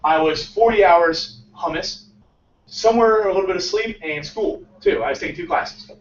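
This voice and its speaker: A man in his twenties, a startup founder giving a casual motivational talk to a room, energetic and often tagging his points with "right?". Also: sits high, moderate pace, a little hiss or hum. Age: 20s. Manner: energetic, peppers lines with "right?". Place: lecture room. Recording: echoey muffled room sound from far off.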